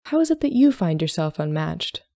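A woman's voice: low voice, big pitch swings, moderate pace, gravelly, warm tone, no echo, studio quality, full character voice. A woman voicing an impulsive, bubbly young lady of the Regency era, speaking eagerly.

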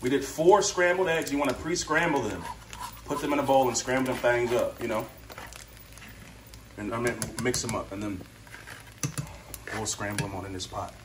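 A man's voice: mid-range voice, moderate pace, pauses often, a little hiss or hum. A man hosting a casual cooking vlog in his home kitchen, joking and talking straight to viewers. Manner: jokey, laid-back, talks straight to viewers. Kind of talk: casual cooking demo chat.

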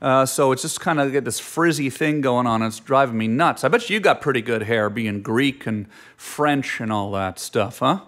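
A Canadian man in his forties hosts a call-in show, chatting casually and joking as he teases the caller in a playful, goofy way. His medium-pitched voice is expressive and fairly bright, moving at a moderate pace with hardly any pauses.

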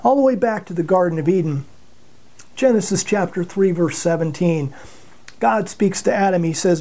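A man delivers a Bible teaching as a relaxed, conversational sermon. His tone is warm and mellow. He tells everyday stories, chuckles often, and doubles words as he restarts his thoughts. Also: high-pitched, moderate pace. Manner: conversational storytelling with frequent chuckles; repeats words when restarting phrases.

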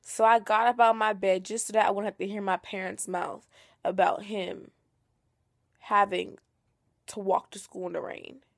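A woman's voice: medium pitch, little pitch movement, normal speed, vocal fry. A young woman chatting casually to her camera in a vlog, playful, slangy and teasing herself. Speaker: vlogger.

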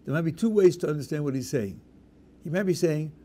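A rabbi gives an emphatic Q&A lecture in a fairly high, mellow voice. He explains with worked examples and leans hard on key words. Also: animated, a little fast, slight background noise. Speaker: rabbi answering questions.

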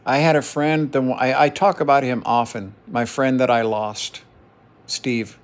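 A middle-aged male vlogger vents to his camera in an emotional personal monologue, his mid-range voice steady and unhurried. He gets heated and profane, repeating phrases for emphasis.

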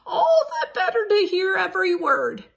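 A woman doing a squeaky, sniffing wolf. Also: big pitch swings, moderate pace, gravelly, fairly bright tone, exaggerated voice. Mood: smug. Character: sniffing, book-loving male wolf, sly then pleading.

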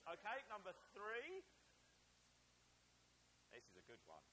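A man's voice: high voice, measured pace, pauses often, a little hiss or hum, rough recording. A man from Essex with an Essex accent, preaching a playful sermon and jokingly quizzing his congregation. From Essex, England. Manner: jokey, animated, teasing the congregation. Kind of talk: playful sermon with audience quiz.

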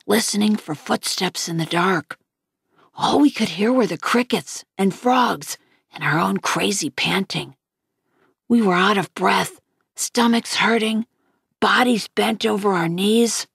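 A woman reading a novel aloud, lifting her pitch slightly for the characters' lines. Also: lively intonation, measured pace, creaky, breathy edge, dry recording, clean studio sound. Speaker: audiobook reader.

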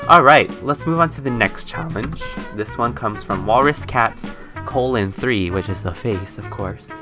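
A young man giving casual, excitable commentary while playing a game, often gasping and squealing when startled. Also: medium pitch, measured pace. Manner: chatty, excitable, gasps and squeals when scared. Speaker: gaming YouTuber. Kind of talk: casual let's-play commentary. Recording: faint game music behind.

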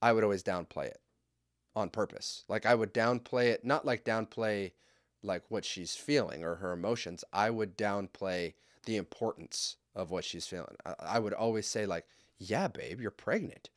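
A man's voice: on the low side, normal speed, no room sound, clean studio sound. A young man co-hosting a casual podcast, reading out listener letters and ranting about them in a heated, sarcastic, heavily profane way. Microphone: studio podcast mic.

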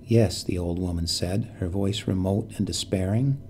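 A man reading a bedtime story in a calm, measured narration. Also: sits low, a little hiss or hum.

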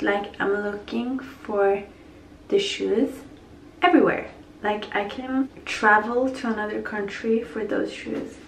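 A woman's voice: medium pitch, creaky, far from the mic, a little hiss or hum. Chatty young woman, roomy camera sound. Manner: chatty, gushing, self-mocking, breaks into whispers. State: sick with a cold. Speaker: vlogger. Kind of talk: casual vlog chat. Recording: roomy echo, camera set back.

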